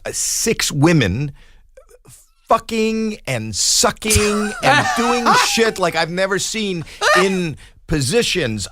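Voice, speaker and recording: A man in his sixties, a podcast guest telling a comic story in an animated way and acting out the quoted voices. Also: fairly high pitch, dry recording, clean studio sound.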